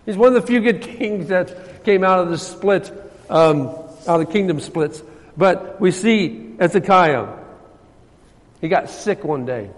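A preacher man with a high voice delivers a sermon, rising to loud emphasis and dropping to near-hushed tones. His voice rings with the long reverb of a church hall. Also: measured pace. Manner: swings between loud emphasis and soft, hushed passages. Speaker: pastor.

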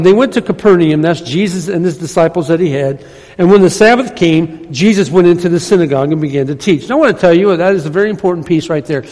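Male pastor, high-pitched, conversational sermon, emphatic at times, church sanctuary, long reverb. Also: darkish tone. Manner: conversational preaching, rising to emphatic.

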